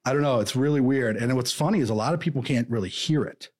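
Husky, animated man in casual chat. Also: mid-range voice, fast. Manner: animated, slips into mock voices. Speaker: podcast co-host.

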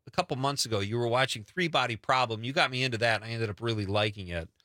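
A man's voice: medium pitch, fast talker, sharp tone, no echo. A middle-aged man hosting a show, chatting casually and laughing easily with his guest. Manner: easygoing, laughs often. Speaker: radio show host. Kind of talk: casual chat.

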